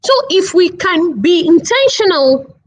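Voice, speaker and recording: Lady doing a parenting webinar, high pitched, takes it slow, keeps repeating her point. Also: big pitch swings, rough recording. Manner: earnest, repetitive teaching with slow emphatic phrases. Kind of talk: online webinar talk.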